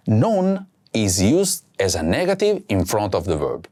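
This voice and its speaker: A man hosting a language lesson, speaking slowly and clearly and saying each word twice for practice. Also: fairly low pitch, wildly swooping pitch, dark tone. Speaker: language teacher host. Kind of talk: slow scripted lesson with repeat-after-me drills.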